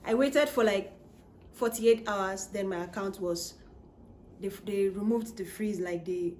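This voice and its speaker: A woman vlogger telling a personal story in a casual, animated way, acting out her own replies. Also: measured pace, a little hiss or hum. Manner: animated, acts out her own quoted replies with rising pitch. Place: living in Canada.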